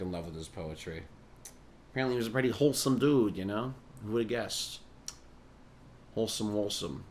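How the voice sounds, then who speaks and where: A man's voice: on the low side, slight background noise. A man hosting a podcast, rambling through a casual monologue, profane and sardonic, laughing at his own jokes. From New York. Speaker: podcast host.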